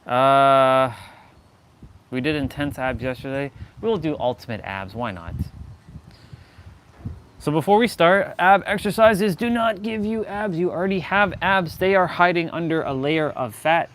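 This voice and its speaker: A man's voice: on the high side, animated, a little slow, a bit bright. A man hosting a fitness livestream, talking in a loose, rambling, joking way. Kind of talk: casual livestream chat.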